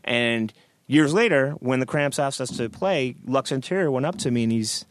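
A middle-aged man spins road stories as a podcast guest, jumping into loud, lively impressions of the people he quotes. His voice sits at an ordinary pitch and is recorded dry and close. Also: moderate pace, no room sound. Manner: animated storyteller acting out quoted voices. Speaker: guest musician. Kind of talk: storytelling in a podcast interview.

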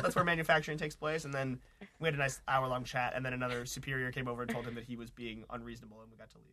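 A podcast co-host who is a man, retelling an exasperating travel story in a quick, animated way with lots of "like". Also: medium pitch, a crowd in the background.

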